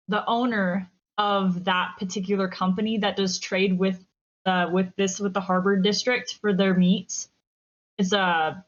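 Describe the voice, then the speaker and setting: A woman's voice: medium pitch, fairly bright tone, highs cut off. Woman player at a tabletop game. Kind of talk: casual tabletop play with in-character speech.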